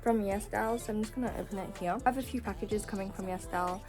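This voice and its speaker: A woman's voice: medium pitch, fast talker. A teenage girl chatting casually as she narrates her own vlog, breezy and self-mocking. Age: teens. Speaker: vlogger. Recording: loud background music.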